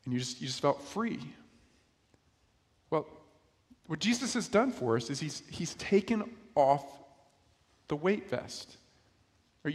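A man's voice: on the high side, sing-song, slow, pauses often, breathy edge, long reverb tail. A man from New York preaching a sermon in a conversational way, often asking his listeners rhetorical questions. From New York, USA. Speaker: pastor.

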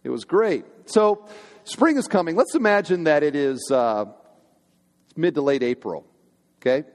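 A man's voice: on the high side, animated, unhurried, darkish tone. A man, a senior pastor, preaching a sermon to his congregation in a conversational, humorous way, often asking the hall questions. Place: church sanctuary. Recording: long hall reverb in a church.

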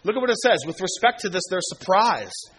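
A male pastor in his thirties delivers a sermon in loose, conversational slang, often acting out exchanges with friends. His voice sits a little high and sounds bright and forward. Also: racing, breathy edge. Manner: casual, slangy, acts out quoted friends with laughs.

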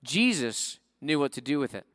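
A man preaching a sermon in a conversational way, often checking in with his listeners with a quick "right?". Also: mid-range voice, very animated, a bit bright, no room sound, clean studio sound. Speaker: pastor.

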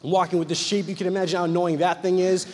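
A man delivers a sermon in a high, bright register. He tells the story in an animated way and voices the people in it as he goes. His words ring out with the long reverb of a large hall. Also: racing. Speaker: preacher.

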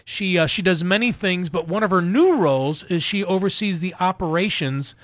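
A man hosting a radio talk show, jokey and lively, who often stammers and restarts. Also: sits high, normal speed, dry recording. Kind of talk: casual radio chat.

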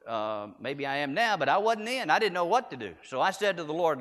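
A man's voice: a little high, very animated, a little fast, a bit bright. A man preaching a storytelling sermon in a church, earnest and emphatic, repeating key phrases. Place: church sanctuary. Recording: echoey hall with long reverb.

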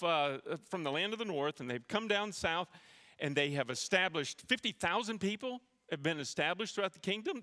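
Starting off with a humorous personal story at his own expense, a pastor then teaches from scripture during a church sermon in the sanctuary. His voice is a little high, pushed and bright, followed by a long reverb tail.

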